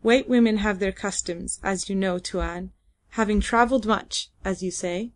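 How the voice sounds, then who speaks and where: A woman's voice: mid-range voice, moderate pace, close to an everyday voice. A woman voicing an irritable middle-aged male trader who growls curt, peevish questions in a storybook reading. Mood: embarrassed, dismissive.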